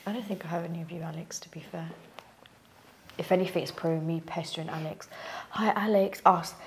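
Fast-talking woman, animated storyteller. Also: deep voice, slight background noise. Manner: animated storyteller, mimics others' voices. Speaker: co-host. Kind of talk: casual podcast chat.

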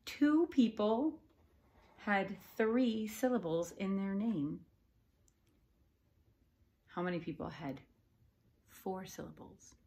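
A woman teacher giving a recorded lesson to young children, patient and encouraging, clapping out syllables and sometimes dropping to a soft whisper. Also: lowish voice, slight background noise. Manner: slow, patient and encouraging, claps and taps out syllables.

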